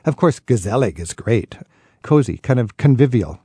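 A man hosts a radio talk show, interviewing a guest with chatty enthusiasm and colorful asides. His voice is gravelly and a little husky, with a dark, mellow tone. The sound is dry and close, with faint music underneath. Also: medium pitch, expressive, normal speed, no room sound. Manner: chatty, enthusiastic, riffs with vivid anecdotes.

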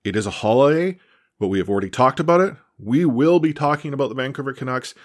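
A man's voice: mid-range voice, animated, fast. Indignant man on a podcast. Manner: impassioned and indignant, with stammered restarts. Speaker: podcast host. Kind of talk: opinion commentary.

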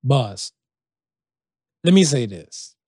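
A man's voice: medium pitch, big pitch swings, very slow, a little mellow, dry recording, studio quality. A man from Canada co-hosting a podcast in casual chat, slangy and rambling with lots of fillers and restarts. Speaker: podcast co-host.

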